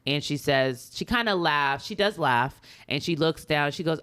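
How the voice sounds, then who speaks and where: Smooth-voiced woman retelling a story. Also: low-pitched, expressive, moderate pace, few pauses, fairly bright tone. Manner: chatty storyteller, many ums, acts out quotes. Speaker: podcast co-host. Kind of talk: casual chat, retelling a story.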